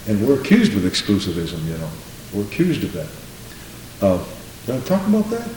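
A man preaching a sermon, animated, swinging from low asides to high exclamations. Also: fairly quick, distant mic, a little hiss or hum. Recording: roomy echo.

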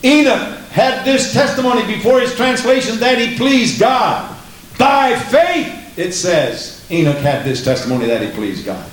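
A man's voice: high voice, very animated, unhurried, reverberant, low-quality recording. A man preaching a sermon in an emphatic way, repeating lines and asking the congregation questions.

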